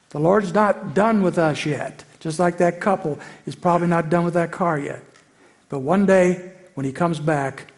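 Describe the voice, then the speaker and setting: Gravelly high-voiced male preacher. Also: darkish tone. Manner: earnest, rises to emphatic peaks. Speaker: pastor. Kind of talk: sermon.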